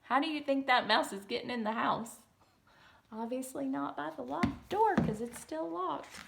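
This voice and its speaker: A woman's voice: sits high, normal speed, gravelly, very noisy. A woman reading a picture book aloud to children, stopping often for chatty, amused asides about the pictures. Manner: chatty, amused asides between read lines. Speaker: reader.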